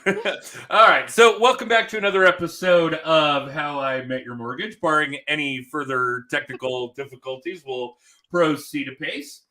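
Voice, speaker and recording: A man's voice: a little high, normal speed, pushed and bright. A man hosting a podcast over a video call, talking in a loose, jokey, chatty way and laughing often. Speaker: podcast host and sales coach. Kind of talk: casual chat.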